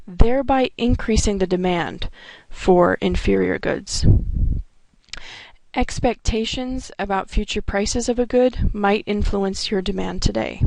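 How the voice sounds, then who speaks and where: American woman instructor, methodical lecture read, dry close voice-over, some vocal fry. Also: mid-range voice, darkish tone, no echo. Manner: clear explanatory delivery with occasional restarts. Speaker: economics instructor. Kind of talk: recorded lecture narration.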